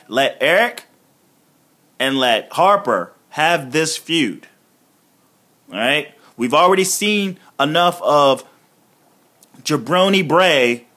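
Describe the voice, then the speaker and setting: A man hosting a solo review podcast, talking casually and with a lot of profanity, excitable and laughing often as he retells scenes. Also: a little high. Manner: profane, excitable, swings between mumbling and loud outbursts. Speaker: podcast host reviewing wrestling shows.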